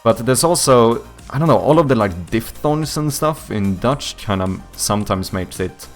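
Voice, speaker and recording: Animated and mid-range in pitch, this young Swedish man's voice moves at a moderate pace over soft background music. A streamer and indie game developer whose first language is Swedish, he chats in lightly accented English with viewers, rambling, searching for words and dropping the occasional swear.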